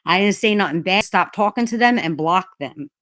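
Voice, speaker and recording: A woman's voice: mid-range voice, animated, normal speed, a bit bright. A woman hosting a livestream chat, ranting heatedly and swearing a lot. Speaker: livestream host.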